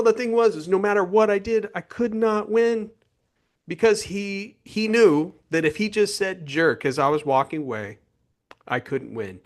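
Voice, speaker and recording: Storytelling male podcast host. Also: a little high. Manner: storytelling, reflective, animated when telling stories. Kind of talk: podcast interview.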